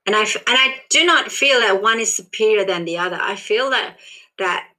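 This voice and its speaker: Bright-voiced South African Indian woman. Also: mid-range voice, fairly quick, poor audio. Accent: South African Indian, mixed with Australian. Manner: rambling, restarts often, laughs softly. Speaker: interviewee. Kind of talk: casual conversational interview.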